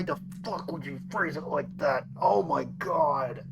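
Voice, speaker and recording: A woman's voice: low-pitched, a little slow, few pauses, background noise. A woman streaming a story game, reacting emotionally and reading the text aloud. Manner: emotional, exclaiming and laughing at the story. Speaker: gaming streamer. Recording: clear game music behind. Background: game music.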